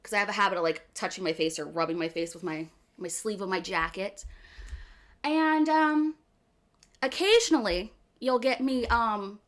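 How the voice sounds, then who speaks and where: Philly-accent woman streamer just chatting with chat, animated, laughs a lot, keeps saying okay. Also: medium pitch, fairly quick, hardly any pauses. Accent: Philadelphia area. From US East Coast, outside Philadelphia. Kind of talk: casual chat with stream viewers.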